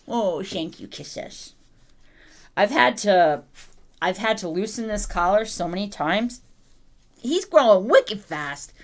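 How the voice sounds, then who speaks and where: A woman hosting a casual livestream, cooing and baby-talking to her puppy and laughing often. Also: mid-range voice. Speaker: livestream host.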